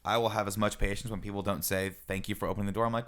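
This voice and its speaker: A young man co-hosts a podcast, telling a story in casual conversation as an animated storyteller who acts out the quoted lines of the people in it. His pitch is fairly low and he speaks very fast.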